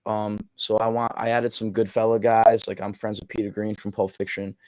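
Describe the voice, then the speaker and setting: A young man chatting casually, excitable and swearing freely, often acting out his own quotes. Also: on the low side, dry recording. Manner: excitable, swearing, quoting himself in quick asides. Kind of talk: casual chat.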